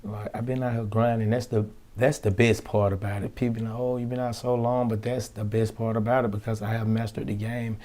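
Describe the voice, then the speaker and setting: A young man speaks in a low, dark, mellow register. He tells his stories in loose street slang and acts out every quote in the exchange. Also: little pitch movement, fairly quick, hardly any pauses. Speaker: rapper interviewee. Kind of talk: casual interview storytelling.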